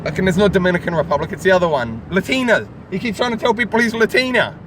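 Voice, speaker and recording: A high-pitched man, tipsy and animated, rambles through crude jokes while sitting in a car. Loud city traffic rumbles outside and fills the recording. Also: racing. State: tipsy from drinking. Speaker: vlogger host. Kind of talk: rambling casual banter. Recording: loud street traffic noise.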